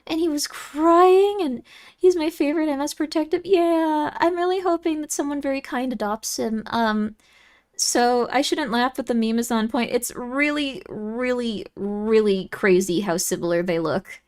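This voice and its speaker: A woman's voice: sits high, normal speed, darkish tone. A young woman streaming and chatting casually with viewers, giggly and easily moved, with lots of fillers.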